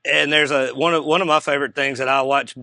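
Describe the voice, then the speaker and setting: A man hosting an interview, enthusiastic and quick to laugh. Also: on the high side, steady tone, creaky, pushed and bright, no room sound. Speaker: interview host. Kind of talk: casual interview.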